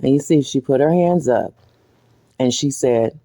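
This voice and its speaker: A man giving reaction commentary on a video, speaking deliberately with a sarcastic edge. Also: mid-range voice, dark tone.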